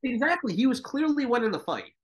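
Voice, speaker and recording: A man's voice: very high-pitched, big pitch swings, brisk, muffled recording. A man co-hosting a boxing podcast, talking in a laid-back, profane way full of filler words. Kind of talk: casual chat.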